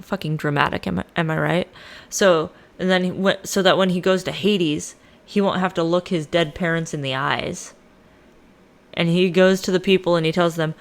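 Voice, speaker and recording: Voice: mid-range voice, fairly bright tone. A podcast host casually retelling a myth with lots of swearing and modern slang. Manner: profane, slangy, irreverent.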